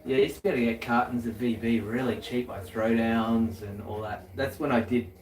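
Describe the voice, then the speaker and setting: A man's voice: mid-range voice, fairly even intonation, fairly quick, roomy sound, far from the mic, a little hiss or hum, poor audio. Man, prompting chat co-host. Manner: short agreeing replies and prompting questions. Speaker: co-host of a live stream. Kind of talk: casual chat.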